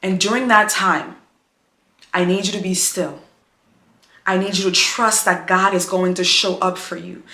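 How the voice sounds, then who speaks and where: A woman's voice: mid-range voice, fairly even intonation, measured pace, pauses often, bright, forceful tone, roomy sound. A woman vlogger talking to her viewers about faith, emotional and encouraging, speaking in a repetitive preaching cadence. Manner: addresses viewers as "girl". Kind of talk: heartfelt faith-based talk to camera.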